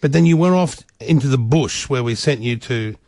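A man's voice: medium pitch, normal speed, warm tone, dry recording, clean studio sound. A man with an Australian accent hosting a radio show, teasing his co-workers in crude, mocking banter. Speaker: radio host.

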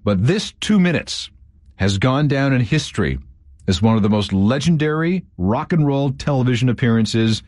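A man hosting a radio history show, telling a story in lively, wry narration. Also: mid-range voice, normal speed, no echo, studio quality. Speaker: radio host.

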